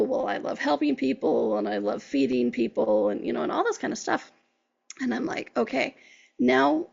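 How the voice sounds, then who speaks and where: Female podcast host and life coach, earnest motivational delivery, raspy with heavy vocal fry, on a dull recording. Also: fairly high pitch. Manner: earnest, encouraging, quotes herself and clients in conversation. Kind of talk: motivational talk.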